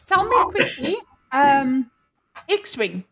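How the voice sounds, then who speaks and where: A woman's voice: high voice, big pitch swings, extremely slow, music in the background. Woman, stream host, casual chat, bubbly, blunt, laughs easily.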